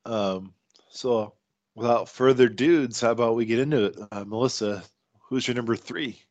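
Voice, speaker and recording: A man's voice: medium pitch, normal speed, dry recording, lo-fi sound. A man from Iowa co-hosting a podcast, chatting casually and jokingly in an easygoing way. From Iowa, United States. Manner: easygoing, jokey, animated storyteller. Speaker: podcast co-host. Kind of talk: casual chat.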